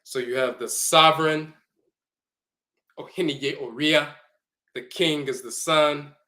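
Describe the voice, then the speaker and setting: A man giving a slow, deliberate lecture, repeating and spelling out terms as he explains glyphs and dialects. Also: fairly high pitch, fairly even intonation, pushed and bright.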